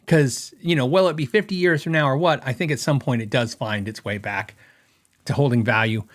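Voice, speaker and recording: A man's voice: medium pitch, a little fast. A middle-aged man hosting a podcast, giving his opinions in a rambling, casual way and thinking aloud with fillers. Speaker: podcast host.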